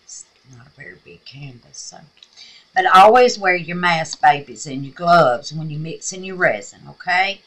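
A woman's voice: fairly low pitch, normal speed, a bit bright. Chatty Southern woman with a scratchy voice. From Mississippi, USA. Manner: chatty, talks to herself and calls viewers babies. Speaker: craft vlogger. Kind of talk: casual crafting tutorial chat. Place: home craft room with air purifier.

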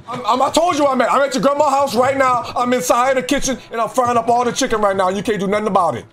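A man's voice: extremely high pitch, fast, few pauses, crowd noise. A man giving boisterous, taunting gameplay commentary in swaggering slang as a streamer. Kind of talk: trash-talking gameplay commentary. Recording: gameplay audio with noise behind.

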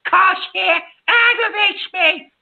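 Man voicing a very high-pitched, furious call-in host; quick to insult callers. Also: creaky, bright, forceful tone, heavily acted. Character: hot-tempered older male radio host. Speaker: radio show host. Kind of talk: comedic call-in radio bit. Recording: lo-fi muffled audio.

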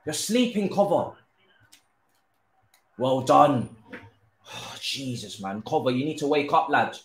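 Excitable young man. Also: medium pitch, takes it slowly. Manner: excitable, shouts and swears at the players. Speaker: gaming streamer. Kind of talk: live gameplay commentary. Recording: echoey room.

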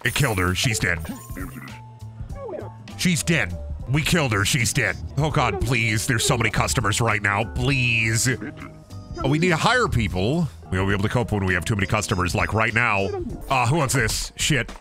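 A man's voice: fairly low pitch, expressive, moderate pace, music in the background. A young man giving goofy, joking commentary on a game stream, swearing and laughing often.

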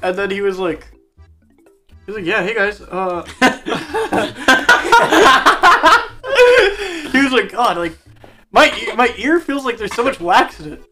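A man's voice: very high voice, lively intonation, takes it slowly, pauses often, music in the background. A man in casual chat, telling a funny story to friends and laughing as he goes.

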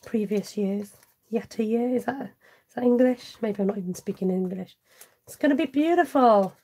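Speaking at a moderate pace in a mellow, slightly rough mid-range voice, a woman demonstrates cardmaking on a casual livestream. She talks aloud as she works, answers viewer comments she reads out, and pokes fun at herself.

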